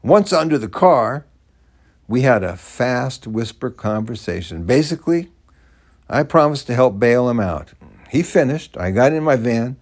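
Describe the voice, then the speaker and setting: An older man telling a first-person story aloud in an animated, dramatic way. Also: medium pitch, unhurried.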